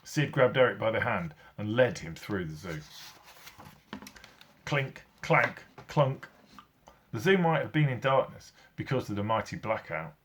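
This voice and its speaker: Animated man reading a storybook aloud. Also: lowish voice, unhurried, a little hiss or hum. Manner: animated, with sound effects. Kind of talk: children's story read-aloud.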